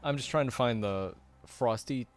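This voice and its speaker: A man's voice: mid-range voice, moderate pace. A man chatting casually while playing a video game, sarcastic and joking, with some swearing. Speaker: let's play co-host. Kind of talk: casual chat over gameplay. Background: game music.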